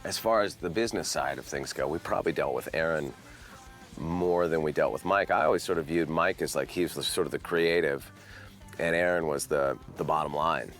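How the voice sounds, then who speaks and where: A man speaks in a measured, thoughtful way in a documentary interview. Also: rumbling low, fairly bright tone, faint music behind.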